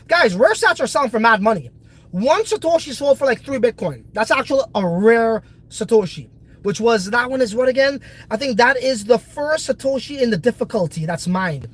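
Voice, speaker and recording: A congested man hosts a casual crypto project video, talking in a brash, profane, hyped way. His voice is extremely high and fairly bright, and the audio is poor.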